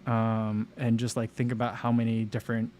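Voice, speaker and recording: A man in a casual livestream chat who answers his viewers as he goes. He rambles, trails off and restarts his sentences, with a voice of middle pitch. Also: monotone, normal speed, darkish tone, a little hiss or hum. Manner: chatty and rambling, many fillers and self-interruptions. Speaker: livestream host reading chat.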